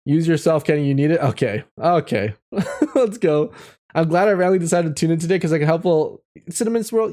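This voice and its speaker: Man, live streamer, casual chat, reads chat aloud, encouraging, laughs a lot, animated pitch.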